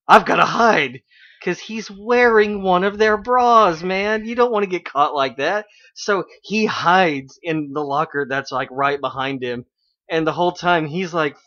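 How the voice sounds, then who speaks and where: A man with a somewhat high voice chats loosely through a dull, lo-fi stream. He rambles on with plenty of fillers and restarts, breaking into quoted lines as he goes. It comes across as a casual internet radio broadcast. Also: fairly bright tone. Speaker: radio show host. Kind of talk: casual chat recapping an anime episode.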